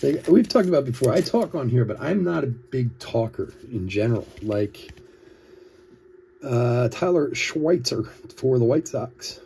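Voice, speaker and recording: Mellow gravelly dude hosting a card break live, chatty, laughs a lot between calls. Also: male voice, mid-range voice, lively intonation, measured pace, a little hiss or hum. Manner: chatty storytelling, laughs often, reads names between asides. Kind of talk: casual livestream chat while opening cards.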